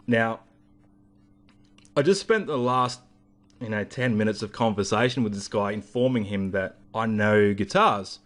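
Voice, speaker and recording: A man's voice: lowish voice, unhurried, fairly bright tone. A man in a vlog, ranting and rambling through a story with heavy swearing. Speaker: vlogger.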